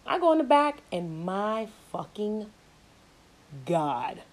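A woman's voice: mid-range voice, big pitch swings, takes it slowly, poor audio. A young woman vlogger telling a blunt, profane story in a casual, dramatic way, speaking into a phone from a moving car. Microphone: phone held away. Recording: car road noise, phone mic. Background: vehicle noise.

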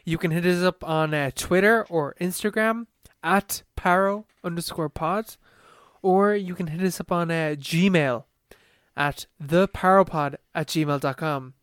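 A young man co-hosting a podcast in casual chat, talking fast with lots of fillers and the odd swear. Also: a little high, a bit bright, smooth, no room sound, clean studio sound. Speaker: podcast co-host.

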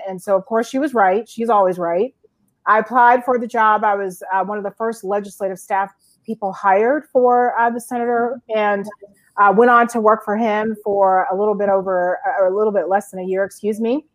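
Woman telling stories as an interview guest. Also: mid-range voice. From Georgia, US. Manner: lively anecdotal telling with frequent uh fillers. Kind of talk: conversational storytelling.

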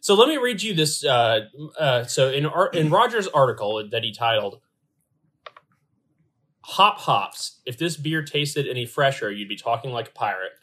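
Male podcast host, casual and animated, reads text aloud with playful emphasis. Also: mid-range voice, normal speed. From Louisville area, US. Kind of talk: casual podcast chat about beer.

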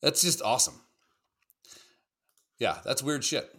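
A man chatting loosely on a livestream, reacting to clips with lots of cursing and jokes. His voice is bright and edgy and leaps around in pitch. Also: takes it slowly, husky. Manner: animated, profane, joking. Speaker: co-host. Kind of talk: casual livestream video reaction chat.

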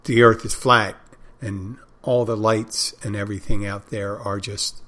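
Low-voiced man rambling to his listeners. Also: flat delivery, a little slow, bright, forceful tone. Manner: meandering, self-correcting, loses his thread. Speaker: podcast host. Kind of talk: casual rambling monologue.

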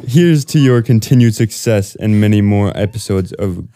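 A man's voice: fairly low pitch, expressive, normal speed, warm tone, no room sound, close to an everyday voice. A young man reading out a boastful male politician's message in a put-on voice with a stray English accent, laughing through it. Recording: background noise with clicks.

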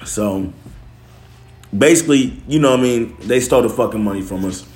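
A man's voice: medium pitch, normal speed, darkish tone. A man talking casually to camera, loose and slangy, swearing, restarting and correcting himself as he goes. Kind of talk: casual chat. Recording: echoey room.

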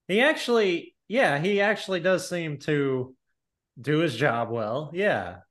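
A man's voice: fairly high pitch, lively intonation, fairly bright tone. A man co-hosting a podcast, casually retelling cartoon scenes and quoting the characters. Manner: retells cartoon scenes with quick quoted voices. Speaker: podcast co-host. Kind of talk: casual chat.

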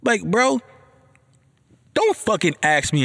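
A man hosting a podcast, telling a story about being a father in a casual chat, profane and heated, ranting with animated energy. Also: mid-range voice, moderate pace. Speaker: podcast host.

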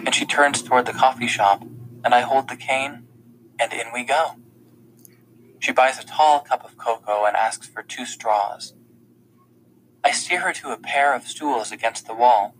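A man's voice: mid-range voice, a little slow, fairly bright tone, slight background noise, poor audio. Man narrating a novel in first person. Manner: plain, conversational storytelling. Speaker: audiobook narrator.

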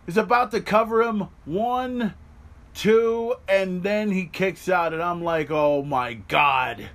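A man hosting a podcast, giving excited watch-along commentary on a replay, swearing freely and yelling at the big moments. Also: sits high, takes it slowly. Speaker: podcast host. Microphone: podcast mic.

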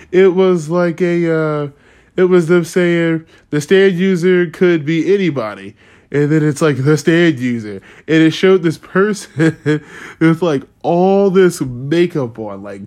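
A man's voice: a little high, darkish tone. Profane rambling man ranting. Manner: profane, rambling, sarcastic, laughs often. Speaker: podcast host. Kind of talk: casual rant.

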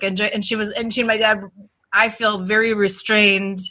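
A woman's voice: medium pitch, flat delivery, sharp tone. A woman from Wisconsin with an Upper Midwest accent, a podcast guest in casual chat who rambles and restarts her sentences. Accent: Upper Midwest American. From Wisconsin, USA. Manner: rambling, halting, many restarts.

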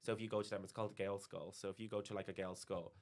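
Young irish man, quick talker, lowish voice, rambling casual chat. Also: fairly even intonation. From Ireland. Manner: rambling, full of "like" and restarts. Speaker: podcast guest.

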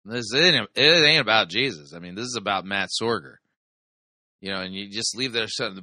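A man's voice: on the low side, very animated, normal speed, bright, forceful tone, dry recording, clean studio sound. A man hosting a review show, commenting on sermon clips in a sarcastic, mocking way. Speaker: podcast host reviewing a sermon.

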